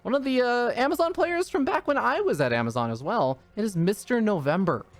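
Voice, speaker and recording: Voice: medium pitch, expressive, brisk, no room sound, faint music behind. A caster giving live play-by-play and analysis of a strategy game match, talking through their thinking with frequent hedges. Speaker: esports caster.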